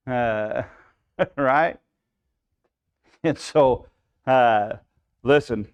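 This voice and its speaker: A man leads a live Bible study as pastor, in a middle-pitched voice. He talks to the room casually, with frequent "right?" check-ins and little acted-out inner voices. The recording sounds dull and lo-fi. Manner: conversational preaching, frequent "right?" asides, acts out inner voices.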